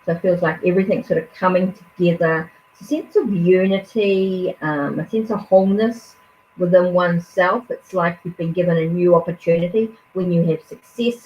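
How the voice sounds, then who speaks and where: A woman's voice: lowish voice, a little mellow. A woman reading tarot cards on a live stream, talking in a hesitant, musing way with many fillers and restarts. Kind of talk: live card reading, casual. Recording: dull lo-fi stream audio with faint noise.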